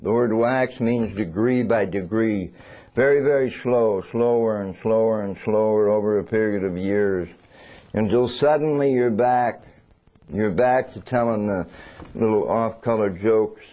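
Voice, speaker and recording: A man preaching a sermon. He swings between loud and hushed and acts out little scenes. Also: on the low side, measured pace.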